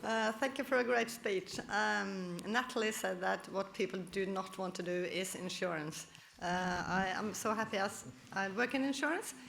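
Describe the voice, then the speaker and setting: A woman's voice: mid-range voice, moderate pace, vocal fry, fairly bright tone, slight background noise. A woman in the audience asking a polite, hesitant question after a talk.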